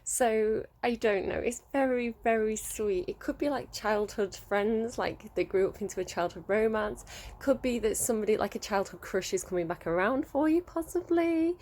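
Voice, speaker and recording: A woman's voice: a little high, moderate pace, a little mellow. Chatty woman reading tarot. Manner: chatty, rambling, laughs often. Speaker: tarot reader.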